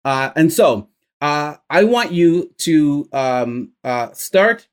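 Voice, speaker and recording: Male rhyme coach, slightly high voice, upbeat, laughs a lot, loose and filler-heavy. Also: lively intonation, slow pace, smooth. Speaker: rhyming coach. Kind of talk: casual coaching session.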